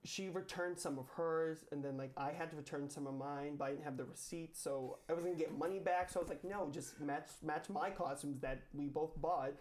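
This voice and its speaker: A young man, a guest on a chat show, telling a story in a chatty way with lots of "like" and quick restarts. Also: a little high, darkish tone, a little hiss or hum. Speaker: former cast member, guest.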